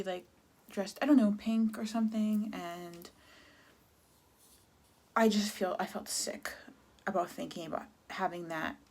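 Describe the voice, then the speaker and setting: Sad, halting Canadian woman in her thirties. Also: medium pitch, darkish tone. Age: 30s. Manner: candid, halting, many restarts and fillers. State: sad, near tears. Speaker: vlogger. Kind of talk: personal confessional vlog.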